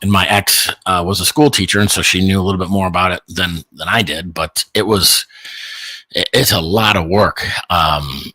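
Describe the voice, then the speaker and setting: A man's voice: sits low, fairly even intonation, normal speed, pushed and bright, dry recording, poor audio. A middle-aged man from Illinois co-hosting a live podcast, chatting casually and rambling with lots of restarts. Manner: rambling, frequent restarts and fillers. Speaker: podcast co-host.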